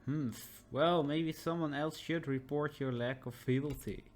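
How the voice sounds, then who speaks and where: A man's voice: on the high side, steady tone, a little slow, a little mellow, lightly acted. A man playing a sneering zealous soldier. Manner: sneering, threatening. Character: spiteful, zealous male soldier.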